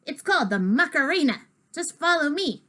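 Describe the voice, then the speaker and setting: A woman's voice: high-pitched, big pitch swings, moderate pace, a bit bright, pitched above the performer's own voice. A woman reader voicing a bossy, teasing older sister who lectures the younger one.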